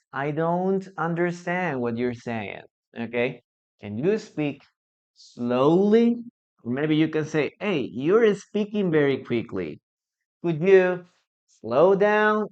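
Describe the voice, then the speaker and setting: An English teacher from Peru with a Spanish accent, a native Spanish speaker, giving a live lesson and patiently repeating examples, often checking with "okay?" and "no?". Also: medium pitch. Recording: slightly muffled streaming audio.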